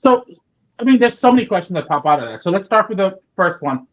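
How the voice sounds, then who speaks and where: A man's voice: high voice, sing-song, fast, dull audio. A man hosting a casual interview podcast, talking in an upbeat way with many fillers and restarts. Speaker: podcast host.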